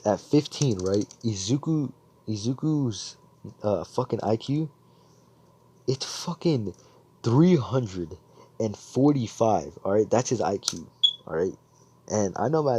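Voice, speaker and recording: Husky low-voiced man rambling a story. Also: dark tone. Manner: rambling, profane, correcting himself. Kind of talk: improvised fan fiction storytelling.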